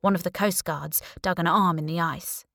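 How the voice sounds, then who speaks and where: Audiobook narrator, woman, lower register, dry close sound, deadpan humor. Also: moderate pace, gravelly, dry recording. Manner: wry, deadpan humor with hushed asides. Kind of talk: first-person audiobook narration.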